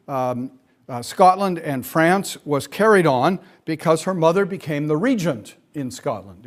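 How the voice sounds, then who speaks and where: A middle-aged man giving a classroom lecture, speaking with frequent fillers and dry asides. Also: fairly high pitch.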